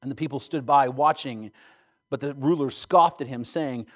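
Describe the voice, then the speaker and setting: A man preaching, reading scripture aloud with dramatic swings from loud cries down to hushed, solemn lines. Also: medium pitch, moderate pace.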